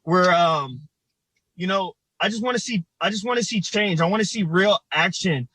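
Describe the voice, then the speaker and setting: A man from Ohio, a community organizer speaking outdoors, choked up and halting with many fillers. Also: high voice, sharp tone, breathy edge, low-quality recording. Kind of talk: livestreamed protest testimony. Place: outdoors in front of a state capitol.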